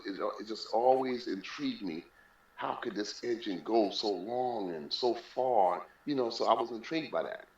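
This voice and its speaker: A man with a somewhat low voice tells his personal story as an interview guest. He speaks emphatically and often repeats a phrase to drive it home. The recording sounds roomy and a little dull. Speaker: interview guest, boxing figure.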